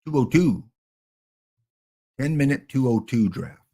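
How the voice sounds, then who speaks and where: A man's voice: medium pitch, expressive, measured pace, creaky, dark tone, husky. Sex: man. Role: chatty game streamer. Style: casual live-stream talk. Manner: chatty, joking, addressing chat by name.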